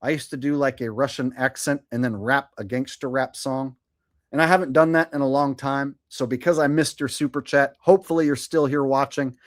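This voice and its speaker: A man's voice: medium pitch, steady tone, brisk. A man in his forties hosting a live stream in casual chat, reading out viewer messages. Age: 40s. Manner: chatty, reads viewer messages aloud. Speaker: streamer host.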